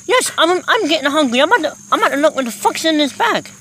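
A man voicing a loud, rowdy young male electric mouse toy in an improvised toy skit, crude and shouty, tacking "man" onto everything. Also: extremely high pitch, lively intonation, fast, a little hiss or hum, heavily acted. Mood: hungry.

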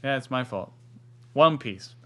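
A man's voice: medium pitch, expressive, measured pace. A man co-hosting a casual reaction video, joking and playing mock-defensive with his co-host.

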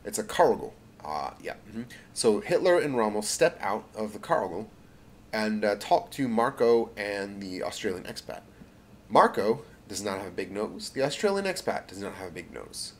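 A man's voice: fairly low pitch, sing-song, moderate pace, a little hiss or hum. A man telling an improvised story in a rambling way, correcting himself often and adding asides. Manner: rambling, self-correcting, many fillers and asides.

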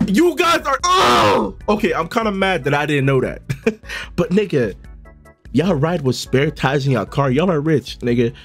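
A young man streaming a casual live reaction, talking loud and profane and breaking into sudden shouts. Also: fairly high pitch. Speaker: streamer reacting to a riddle video.

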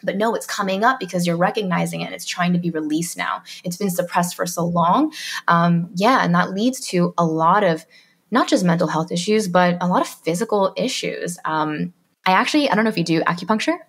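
A woman speaking as a podcast guest. Her voice sits a little low. She talks in a chatty, storytelling way, full of "um" and "like," and acts out what people said. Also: fairly quick, gravelly, slightly rough. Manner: chatty storytelling, reenacts dialogue, frequent "um" and "like". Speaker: guest, mindset coach. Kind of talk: podcast interview.

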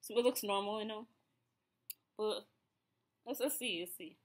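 A woman's voice: mid-range voice, unhurried. A woman in her thirties with an Ethiopian accent, chatting casually through a snack review with many fillers and restarts. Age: 30s. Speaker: vlogger.

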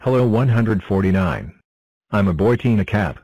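A man voicing a cheerful talking number block in a cartoon, announcing itself in short flat sentences. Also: on the low side, moderate pace, no echo, poor audio. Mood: plain.

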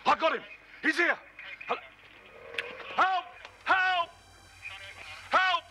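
An actor playing a frantic man yelling for help. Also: very fast, slight background noise. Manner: shrill, yelling.

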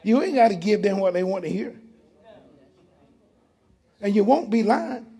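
A man's voice: sits high, lively intonation, unhurried, mellow, husky. A man, preaching as pastor in a church, emphatic and full of rhetorical questions. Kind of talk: sermon.

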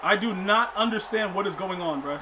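A man's voice: sits high, a little fast, crowd noise, background noise. A young man streaming a football video game, rambling in casual commentary, laughing a lot and repeating catchphrases. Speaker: gaming streamer. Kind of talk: casual live gameplay commentary.

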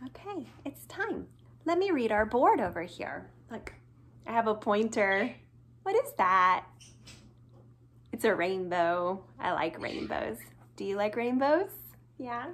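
Slow, sing-song woman teaching small children. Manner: slow, sing-song and playful, with exaggerated loud, quiet, high and low hellos. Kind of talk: children's video lesson.

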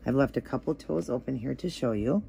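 A man hosting a casual nail art tutorial, talking viewers through each step in a relaxed, chatty way with plenty of ums and you-knows. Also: medium pitch, brisk, gravelly, slight background noise.

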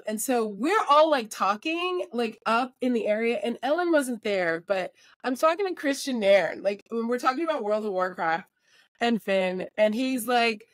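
Born in New Jersey but raised in England, this voiceover artist and filmmaker talks in a fairly high pitch, recorded with no room sound. Her American accent occasionally slips into British. As an interview guest she tells casual, lively stories, full of impressions and laughter.

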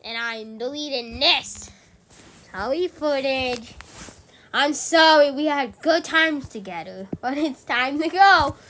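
A woman's voice: sits high, expressive, takes it slowly, a bit bright, slight background noise. A woman playfully talking back to a talking-pet app, giggling and teasing it in casual chat. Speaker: mom playing a talking-pet app on camera.

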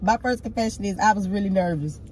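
A woman's voice: medium pitch, quick pace, a little mellow. A woman vlogger chatting casually and candidly with her partner over a meal. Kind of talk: casual couple vlog chat while eating.

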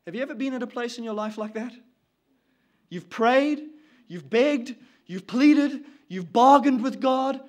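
A man preaching a sermon with a dramatic delivery, dropping to a hush and then rising loud as he voices the prayers of grieving people. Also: very high voice, measured pace. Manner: dramatic, swings between hushed and loud.

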